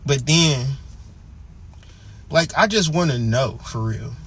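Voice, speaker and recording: A man's voice: mid-range voice, animated, slow, a bit bright, slightly rough. A man hosting a channel, delivering a blunt, profane, emphatic ranting monologue. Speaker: channel host.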